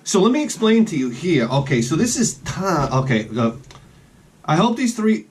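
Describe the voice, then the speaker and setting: A man's voice: on the high side, huge pitch swings, moderate pace, vocal fry, slight background noise. A man rambling in a casual vlog outdoors, chatting with joking asides about his collection. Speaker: collector vlogger.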